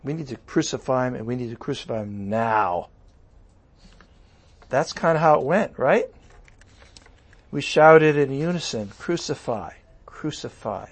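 A male pastor preaching a sermon with animated, conversational asides. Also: on the high side.

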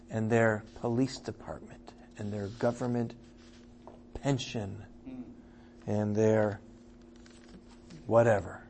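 A man leading an evening Bible study, reading scripture aloud with quiet asides and loud, emphatic passages, often checking in with his listeners. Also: fairly low pitch, fairly even intonation, takes it slowly, pauses often, slight background noise. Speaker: Bible teacher.

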